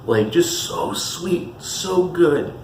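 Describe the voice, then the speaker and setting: A man's voice: on the high side, animated, very slow, a little mellow, a little hiss or hum. A man from California giving an enthusiastic, chatty tasting review as the host of his channel. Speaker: spirits reviewer. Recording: echoey room with faint music.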